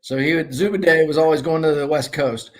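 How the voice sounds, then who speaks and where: A middle-aged man, a former ballplayer and guest, telling rambling, animated anecdotes in casual conversation. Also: fairly high pitch, fairly quick. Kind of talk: casual storytelling.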